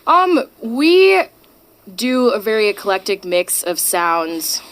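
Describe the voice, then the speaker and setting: A woman's voice: medium pitch, big pitch swings, takes it slowly, a bit bright. A woman who is a band's lead singer, talking in an easygoing, chatty way on a radio interview.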